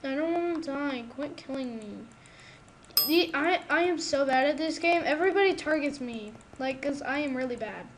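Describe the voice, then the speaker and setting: A woman giving casual gameplay commentary, excitable and protesting loudly whenever she loses, recorded on a home microphone. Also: high voice, moderate pace, background noise. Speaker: gamer. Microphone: new desktop microphone.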